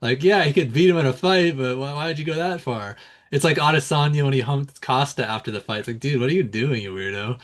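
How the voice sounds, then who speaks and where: A man's voice: fairly high pitch, fast talker. A man co-hosting a sports podcast in casual chat, laid-back, chuckling between points. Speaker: podcast co-host.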